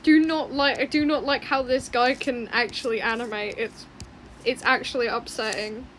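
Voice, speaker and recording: A young woman artist chatting casually while she draws, rambling and often muttering quietly to herself. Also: a little high, fairly even intonation, normal speed, a little hiss or hum, rough recording. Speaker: artist streaming her drawing.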